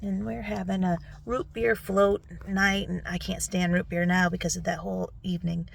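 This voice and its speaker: A tearful middle-aged woman recording a personal video recap on her phone, speaking softly and often dropping to a whisper. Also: fairly low pitch, flat delivery, normal speed, vocal fry, a little hiss or hum. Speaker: vlogger. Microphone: phone selfie video.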